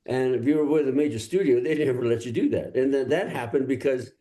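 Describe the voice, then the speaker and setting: A man's voice: medium pitch, fast talker, warm tone. An older man from Los Angeles, a singer-songwriter guest, telling easygoing, rambling stories in a casual interview.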